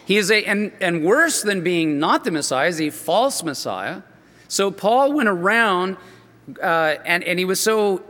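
A male preacher with a high, bright and sharp voice tells a story in an earnest, emphatic sermon. He often restarts his phrases. The sound rings with the long reverb of a large hall.

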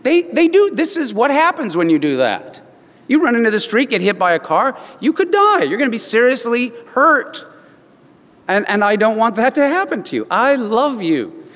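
Storytelling pastor in a reverberant hall. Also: male voice, very high voice, sing-song, moderate pace, a bit bright. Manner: storytelling, acts out voices in quotes. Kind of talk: sermon.

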